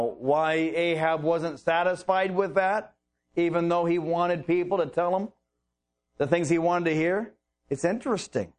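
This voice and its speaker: A man preaching a sermon, teaching slowly and deliberately through a Bible passage with drawn-out pauses. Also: fairly high pitch.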